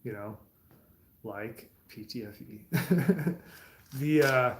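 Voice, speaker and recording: A man's voice: medium pitch, lively intonation, drawn-out words. A man talking casually in a rambling, profane monologue from his home garage, with laughing asides. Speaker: streamer. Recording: roomy echo.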